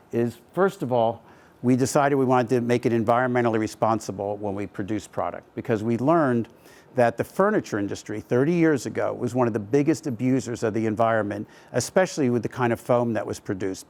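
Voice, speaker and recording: A man's voice: mid-range voice, darkish tone. Man telling stories at an event. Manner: conversational storytelling with frequent fillers. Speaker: company co-founder giving a talk. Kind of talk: speaking at a live event.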